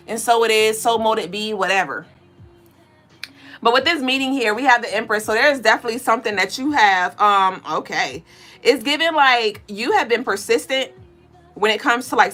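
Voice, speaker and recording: A woman hosting a casual live-stream tarot reading, chatty, slangy and cursing freely. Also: on the high side. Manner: loud, excitable and profane, bursting into laughing shouts; chatty and slangy, cursing freely while she reads cards.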